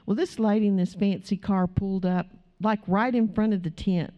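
A middle-aged woman telling a story in a sermon, acting out the dialogue as a lively storyteller. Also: mid-range voice, moderate pace. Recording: dull, slightly muffled recording.

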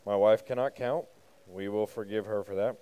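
Casting: man, youth pastor type, warm low-key tone, chatty and quizzing the room. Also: steady tone, moderate pace, clear, resonant tone. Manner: conversational, asks the group questions, joking asides. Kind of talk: casual youth sermon.

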